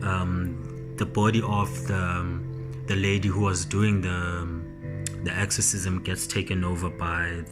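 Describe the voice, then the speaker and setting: Slow and low-key, this man reviews TV and walks through an episode's recap casually. He stumbles along with frequent ums and keeps restarting his sentences.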